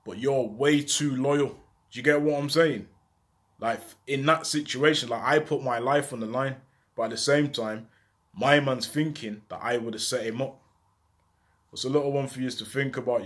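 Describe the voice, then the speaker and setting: Man telling a street story. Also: mid-range voice. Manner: animated, slang-heavy street talk. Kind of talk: casual spoken life story.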